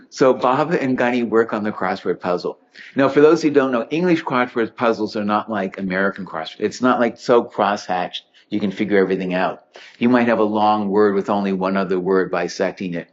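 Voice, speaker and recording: A man's voice: on the low side, a little fast. A man giving a humorous talk, telling anecdotes with chuckles and acting out the people in them. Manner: witty, chuckling storyteller acting out quotes. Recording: dull lo-fi recording.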